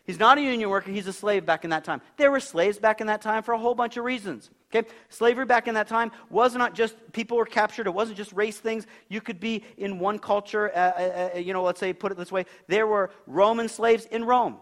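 A man's voice: sits high, a little fast, few pauses, a bit bright. A man preaching a sermon in a church, talking with the congregation and asking them questions. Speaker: pastor.

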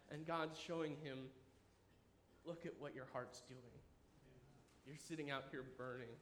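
A man in his thirties preaching a sermon, animated and enthusiastic, dropping at times to a quiet, earnest tone. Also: medium pitch, a little slow, pauses often. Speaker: pastor. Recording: echoey room with faint ambience.

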